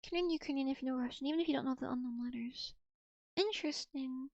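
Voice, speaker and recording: High voiced young woman streaming, rambly and giggly, dry close sound. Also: fast talker, a little mellow, no echo, highs cut off. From United States. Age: young adult. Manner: chatty, rambling with frequent restarts and giggles. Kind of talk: casual livestream chat.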